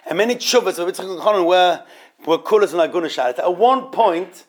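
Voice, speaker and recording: A man teaching an informal Torah study class, halting and often repeating words as he explains. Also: sits high, expressive.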